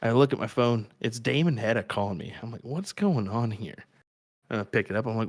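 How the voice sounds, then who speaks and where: A man's voice: medium pitch, lively intonation, a little fast, dry recording, studio quality. A man with a Kansas accent commentating on darts, chatty and laughing often as he tells stories. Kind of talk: live sports commentary banter.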